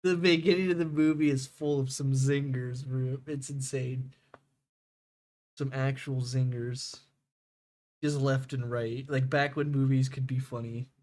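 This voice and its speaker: A man's voice: mid-range voice, fairly even intonation, measured pace, a little mellow. A young man streaming a game, chatting casually with viewers, rambling and laughing, swearing freely.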